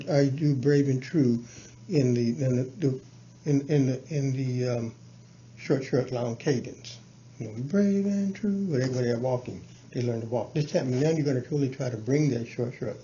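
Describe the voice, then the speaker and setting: A man explaining his teaching plans to a colleague in a halting, casual way, full of fillers and restarts. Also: fairly even intonation, dark tone. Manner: halting, many restarts and fillers, breaks into chanted syllables and sung verses. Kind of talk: casual explanatory talk on lesson planning. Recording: dull low-fi with faint background noise.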